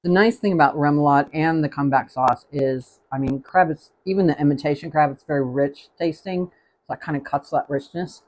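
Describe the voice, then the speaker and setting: A man's voice: on the high side, brisk, a little mellow. A man hosting a live cooking stream, chatting casually and rambling as he tastes the food. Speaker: cooking show host.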